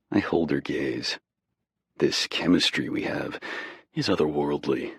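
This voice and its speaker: A man narrating a romance audiobook in the first person, with a slow, intimate, low-key delivery. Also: fairly even intonation, slightly rough, no echo, clean studio sound.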